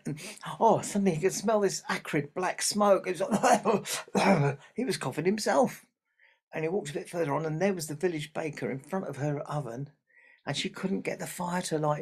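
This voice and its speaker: A man's voice: a little high, gravelly, breathy edge. A man telling a story to a family audience, chatty, with asides to the listeners.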